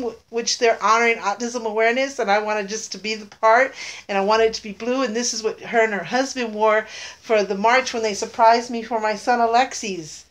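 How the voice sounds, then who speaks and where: A woman's voice: a little high, fairly even intonation, fairly quick. Gushing, teary middle-aged woman. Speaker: vlogger. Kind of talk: casual unboxing vlog.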